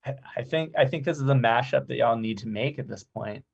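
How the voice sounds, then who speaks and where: A man appearing as a guest on a casual film podcast, making measured, thoughtful remarks. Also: mid-range voice, gravelly, husky, dull audio. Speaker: guest screenwriter. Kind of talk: casual film discussion chat.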